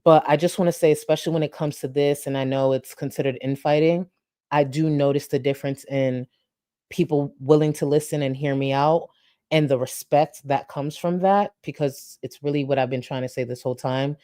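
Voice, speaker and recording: Woman host, tired and rambling, dark mellow tone, dry close recording. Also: sits low, steady tone, brisk, no room sound. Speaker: commentary channel host. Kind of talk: casual sign-off talk to viewers.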